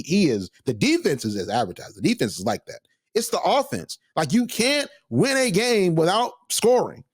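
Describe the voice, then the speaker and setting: A man co-hosting a sports talk show, opinionated and animated, with frequent restarts. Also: high voice, dry recording, studio quality. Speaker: co-host.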